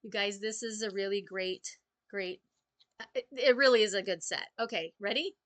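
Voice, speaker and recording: Bright-voiced lady chatting thru a craft demo, lots of ums, close dry mic. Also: mid-range voice, normal speed, no echo. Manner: chatty, many ums, talks while working. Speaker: papercraft demonstrator. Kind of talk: casual live craft demo.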